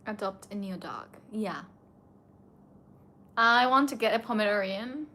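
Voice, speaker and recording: A woman's voice: mid-range voice, a little slow, pushed and bright, a little hiss or hum. A young woman streaming late at night, a bit tipsy and emotional, tearfully answering her chat in casual talk.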